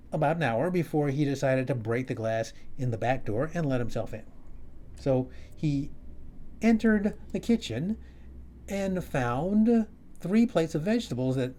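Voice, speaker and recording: A male comedian telling a wry story at home in a halting, restarting way. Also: medium pitch, dark tone. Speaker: comedian and host. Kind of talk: storytelling monologue. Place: his home, upstairs.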